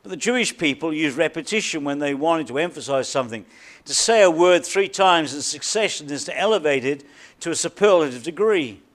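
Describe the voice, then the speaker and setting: Delivering a sermon, this pastor speaks in an expressive male voice of fairly high pitch. His preaching is emphatic, using purposeful repetition and sudden dramatic falls into quietness.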